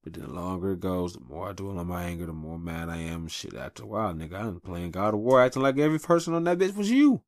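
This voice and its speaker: A man in his thirties hosting a podcast, giving casual advice in a blunt, profane, animated monologue recorded at a home mic. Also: low-pitched, fast talker, hardly any pauses, no room sound, studio quality. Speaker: podcast host.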